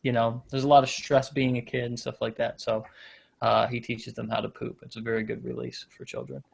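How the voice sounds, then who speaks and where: A man of middle pitch hosts a loose comedy show, joking his way through rambling stories. He wanders off his point and laughs at himself, keeping the banter casual. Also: little pitch movement, fairly quick, vocal fry, breathy edge. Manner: rambling, self-deprecating, loses his point. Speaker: podcast host.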